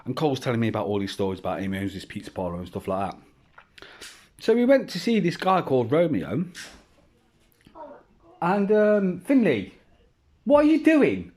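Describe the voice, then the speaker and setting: At home among children, a male vlogger tells a personal story, rambling casually, swearing heavily and restarting frequently. He talks at a quick pace in a fairly low, darkish voice with big swings in pitch.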